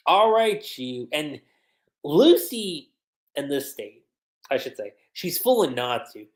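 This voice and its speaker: A woman's voice: low-pitched, very animated, slow pace. A woman giving a casual, slangy livestream review that recaps an anime episode, with plenty of "like"s. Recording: roomy echo.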